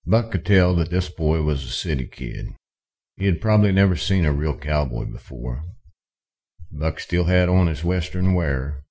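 A man reading a western story aloud in steady, measured narration. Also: very deep voice. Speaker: audiobook narrator. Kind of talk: scripted narration.

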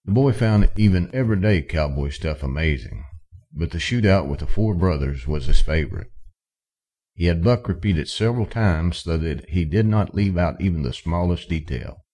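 A man reading a western story aloud in steady, measured narration. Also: low voice. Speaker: audiobook narrator. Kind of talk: scripted narration.

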